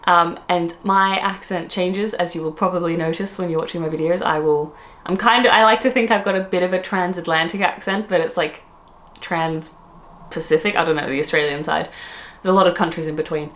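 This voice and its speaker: A young woman from the UK talks straight to her viewers in a casual vlog. Her voice sits a little low for a woman. She sounds opinionated and blunt, and her talk is loose and full of "like". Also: steady tone, a little fast, a bit bright. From United Kingdom. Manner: chatty and outspoken, many "like" fillers. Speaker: vlogger.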